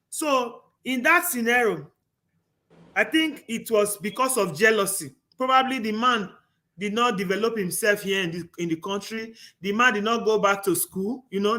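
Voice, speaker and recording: A man with a high voice hosts a casual discussion show. His tone is bright and forceful, and he tells stories earnestly, often stopping and restarting his sentences. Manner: earnest, rambling storyteller with many restarts. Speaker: talk show host.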